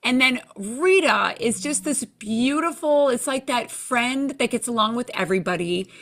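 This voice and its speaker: A woman guest in a casual interview, telling lively stories and acting out what people said. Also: fairly high pitch, moderate pace. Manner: animated storyteller, acts out quoted lines. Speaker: TV show judge, interview guest.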